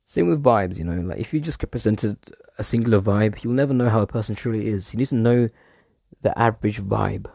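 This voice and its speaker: Man, casual monologue, mellow gravelly delivery, digressive and loose, dry sound. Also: on the low side, fairly quick, dry recording. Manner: rambling, digressive, casually swearing.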